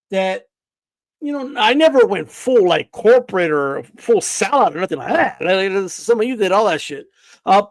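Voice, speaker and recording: A man's voice: very high-pitched, dry recording. A man hosting a boxing live stream, ranting defiantly and profanely, often stammering and repeating himself. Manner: stammers and restarts.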